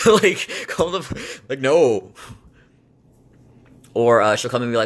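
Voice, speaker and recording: A man's voice: mid-range voice, moderate pace, long pauses, a bit bright. A young adult man chatting casually to camera, rambling and venting with lots of fillers and exasperated laughs. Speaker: vlogger. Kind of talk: casual chat.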